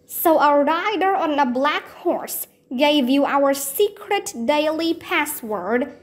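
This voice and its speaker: A woman's voice: high voice, expressive, slow. A woman reading the lines of a stern, commanding male Roman officer who barks orders. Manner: barked orders and demands.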